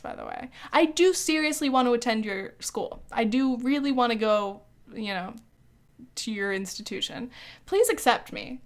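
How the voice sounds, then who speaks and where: A young woman in her early twenties talks through a casual podcast monologue with a slightly high voice. She is snarky and swears freely, and she fills her sentences with "like". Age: early 20s. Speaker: podcast host.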